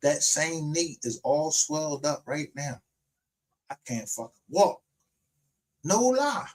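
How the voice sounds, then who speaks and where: A man's voice: on the high side, a little slow, darkish tone. Heated, profane man ranting on a livestream. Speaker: livestream show host. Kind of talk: unscripted livestream rant.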